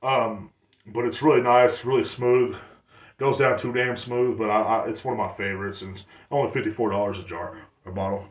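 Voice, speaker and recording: A man's voice: fairly low pitch, fairly even intonation, normal speed, roomy sound, distant mic. A man in his thirties hosting a casual solo podcast, rambling and blunt, with lots of swearing. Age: 30s. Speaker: podcast host.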